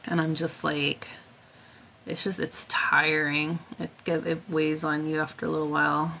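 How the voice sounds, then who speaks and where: A low, gravelly-voiced woman chats casually on a livestream, tired and worn out, with plenty of fillers. Her tone is bright and a little edgy, and a faint noise hums under the recording. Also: flat delivery, a little slow. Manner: chatty, many fillers, answers viewer comments. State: tired, coughing. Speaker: Reiki healer, livestream host.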